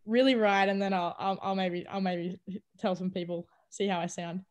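A woman's voice: medium pitch, fairly even intonation, moderate pace, darkish tone, highs cut off. A young adult woman with an Australian accent, chatting animatedly in an interview over a video call, laughing often. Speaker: college basketball player. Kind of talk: casual interview chat.

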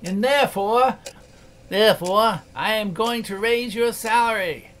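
A man voicing an elderly miser turned jubilant and generous, exuberant and playfully gruff, in an audiobook reading. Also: high-pitched, a little slow, fairly bright tone, a little hiss or hum, voice pushed up. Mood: mock gruff. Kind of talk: audiobook character voice.

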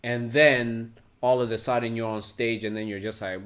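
A man co-hosting a casual reaction show, his pitch sitting in a middle range. He swings between loud, excited outbursts and low, muttered asides. His delivery is loose and chatty. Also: normal speed, hardly any pauses. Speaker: co-host.

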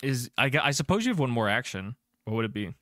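A man narrating as game master in a tabletop game, chatty and descriptive and filling his pauses with um and uh. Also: medium pitch, very animated, pushed and bright, dry recording, studio quality.

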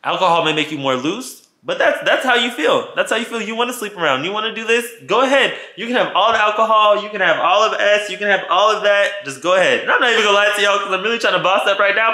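A man's voice: high-pitched, animated, fast talker, hardly any pauses, bright, forceful tone, roomy sound. A man vlogging a casual storytime, retelling events dramatically and talking straight to his viewers.

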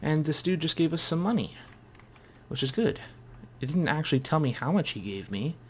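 A man's voice: fairly high pitch, very animated, normal speed, a little hiss or hum. A man casually commenting as he plays a game, chatty and thinking aloud. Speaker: gamer.

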